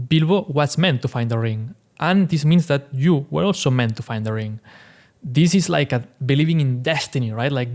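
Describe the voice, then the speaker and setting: A man's voice: medium pitch, a little mellow. Guy hosting a chill explainer, mid-range voice, keeps saying "right?" and "like", chuckles a lot. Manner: chatty, fillers like "right?" and "like", laughs now and then. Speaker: host. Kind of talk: casual commentary.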